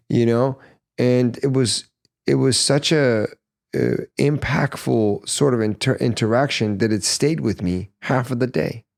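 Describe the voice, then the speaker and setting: A man's voice: mid-range voice, vocal fry, darkish tone. A man hosting a podcast, telling a story in casual chat, earnest and stumbling over repeated words. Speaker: podcast host.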